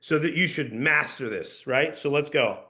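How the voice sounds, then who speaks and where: A man coaching a sales team in a casual, energetic way, often calling people "dude" or "bro". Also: fairly high pitch, moderate pace. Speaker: sales trainer.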